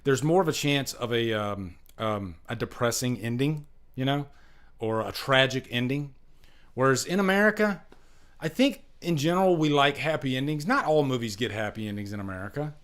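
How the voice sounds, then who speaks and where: A man's voice: medium pitch, lively intonation, normal speed, fairly bright tone. Rambling man hosting a live stream. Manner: rambling, repeats himself, many fillers. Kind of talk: casual live stream chat. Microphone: webcam.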